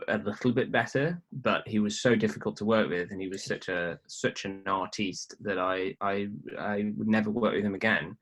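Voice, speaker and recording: A man, a filmmaker guest on a podcast, chatting casually in a relaxed, hesitant way with frequent fillers and restarts. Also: on the low side.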